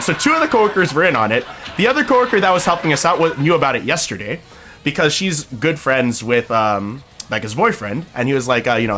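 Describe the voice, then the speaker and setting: A man's voice: medium pitch, sharp tone. A young man streaming, telling a long story in a casual, rambling way, swearing freely and laughing as he goes.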